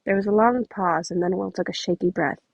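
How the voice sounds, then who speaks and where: Casual woman podfic reader; gravelly, husky, very dry recording. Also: lowish voice, a little fast, dry recording, muffled recording. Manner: casual, self-correcting with chatty asides. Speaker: fan fiction reader. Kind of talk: podfic narration.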